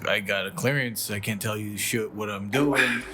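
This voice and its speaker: Young el dude, cussing a lot and saying like nonstop, faint hum behind. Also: male voice, lowish voice, moderate pace. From El Paso, Texas. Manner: rambling, profane, lots of "like". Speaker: podcast guest, muralist. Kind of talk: casual storytelling.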